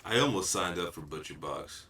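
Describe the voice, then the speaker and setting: A man's voice: sits low, lively intonation, moderate pace, pushed and bright, recorded from a distance, slight background noise. Laughing man in an echoey room. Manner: laughs often, swears casually. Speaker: podcast co-host. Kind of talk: casual chat.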